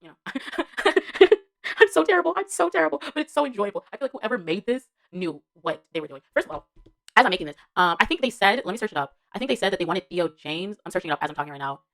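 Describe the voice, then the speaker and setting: Speaking at a racing pace, a vlogger with a fairly low, animated, slightly bright voice reviews a TV show casually. She gushes and rambles, packing her talk with slang and fillers, laughing between remarks.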